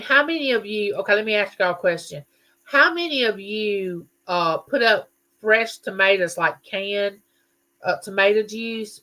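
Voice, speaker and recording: A middle-aged woman hosts a casual livestream, talking to her viewers in a chatty, folksy, rambling way. Her voice is bright and forward, at a middle pitch for a woman. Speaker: livestream host. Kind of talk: casual live chat reading viewer comments.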